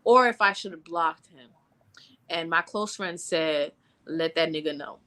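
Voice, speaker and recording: A woman's voice: sits low, a little slow, pushed and bright. Woman co-host telling blunt, profane stories. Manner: candid storytelling, blunt and profane. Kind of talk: casual chat.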